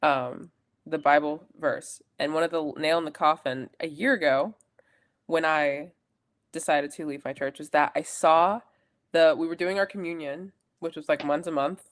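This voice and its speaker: A woman's voice: low voice, fairly even intonation, moderate pace. A young adult woman co-hosting a podcast, telling a personal story in a rambling, chatty way with self-corrections. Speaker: podcast co-host. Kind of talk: casual chat.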